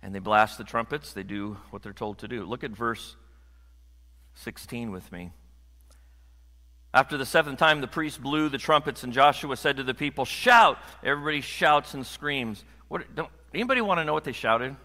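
A man preaching a sermon to a congregation in a conversational, animated way, joking with the room. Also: medium pitch, moderate pace. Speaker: pastor. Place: church sanctuary. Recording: long hall reverb.

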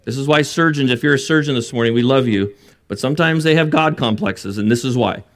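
A man's voice: medium pitch, brisk. A man preaching a sermon, earnest and building to emphatic bursts, with joking asides. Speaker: pastor.

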